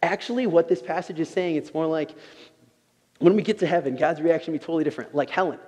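A man preaching a sermon in an unhurried, conversational way, often saying "you know". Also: a little high, darkish tone, slightly rough, in a large hall.

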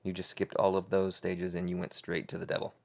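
A man with a very low voice hosts a podcast on his own. He rambles loosely and jokily, breaking off into restarts and fillers. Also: monotone, brisk, creaky, a little mellow. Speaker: podcast host. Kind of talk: casual solo podcast chat.

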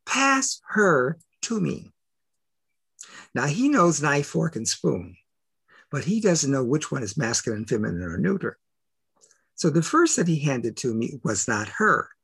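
An older man telling personal stories as an interview guest, emphatic and full of rhetorical questions, with a gravelly voice. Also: medium pitch, big pitch swings, moderate pace. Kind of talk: animated personal storytelling.

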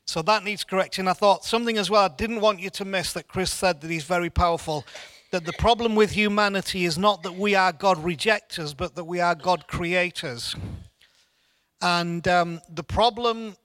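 A man's voice: high-pitched, normal speed, fairly bright tone, no room sound. A man giving an informal church Bible teaching in an earnest way, often repeating words as he restarts.

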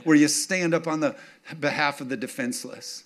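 A man's voice: on the high side, normal speed. A man preaching a sermon, building to emphatic declarations and asking the congregation again and again if they are with him. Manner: call-and-response, keeps checking in with the congregation; rises to emphatic, punchy declarations. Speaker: pastor.

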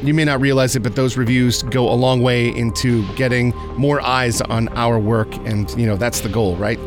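Man, podcast host, casual game chat, mid-pitched, faint music behind. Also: fairly even intonation, normal speed.

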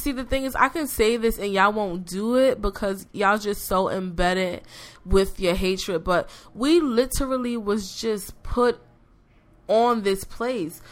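A woman podcast host in casual chat who slips into impassioned preaching aimed straight at the listeners. She comes back to the same direct address again and again, building her point with repetition. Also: medium pitch.

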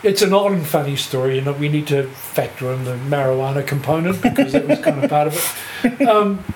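On a podcast, an older New Zealand man who writes about music tells a loose, rambling anecdote, laughing and swearing freely throughout. He talks fairly quickly in a slightly high voice with lively intonation, in an echoey room with faint background hiss.

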